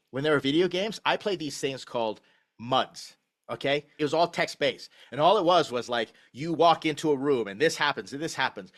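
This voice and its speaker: A middle-aged man reviewing a startup pitch deck in a live online session, blunt and emphatic as he critiques and teaches. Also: fairly bright tone.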